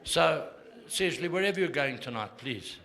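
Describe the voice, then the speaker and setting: A man's voice: a little high, lively intonation, normal speed, noisy background. A man in his sixties with a South African accent, doing a crude, needling stand-up set on a theatre stage. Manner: brash, crude, needling the audience. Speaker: stand-up comedian. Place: theatre stage before a live audience. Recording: live show with crowd laughter.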